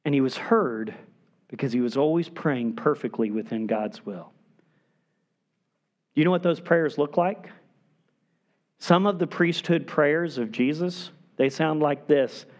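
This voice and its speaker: A man preaching a sermon as a pastor, with emphatic delivery that falls to hushed, quiet stretches for emphasis. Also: on the high side, unhurried, pauses often.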